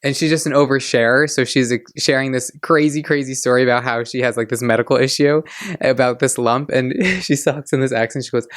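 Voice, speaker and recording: A man's voice: medium pitch, fairly quick, dry recording, clean studio sound. Gushing young man hosting a podcast. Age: 20s. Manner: gushing, chatty, excitable. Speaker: podcast host. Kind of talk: casual chat.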